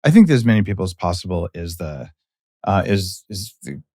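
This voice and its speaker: A man's voice: low voice, sing-song, a little fast, warm tone, dry recording. A man hosting an interview in a studio, speaking bluntly and with strong opinions. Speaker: podcast host. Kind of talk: casual interview conversation.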